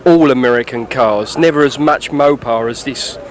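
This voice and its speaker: A man's voice: medium pitch, normal speed. Easygoing man with an Essex accent. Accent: Essex English. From England. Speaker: interview guest. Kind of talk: casual chat. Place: outdoor car show.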